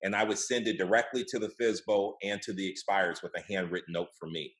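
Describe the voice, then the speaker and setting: A man hosting a weekly group video call, coaching in a relaxed, encouraging way with plenty of filler words. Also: low voice, brisk. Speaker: host of a weekly real estate group call.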